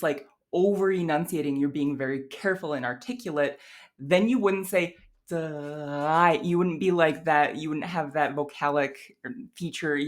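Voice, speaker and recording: A woman teaching a language lesson in a chatty, casual way, with lots of fillers and restarts, and carefully sounding out her examples. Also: low voice. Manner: models examples in an over-careful voice.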